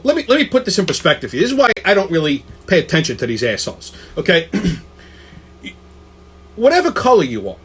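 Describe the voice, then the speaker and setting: A man hosts his own weekly commentary show and rants in an angry, foul-mouthed flow. His voice sits high for a man and has a husky edge. He keeps asking "okay?" and trips over his words as he pushes on. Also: fairly bright tone. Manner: profane, combative, repeats "okay?" and restarts words. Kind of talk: angry opinion rant.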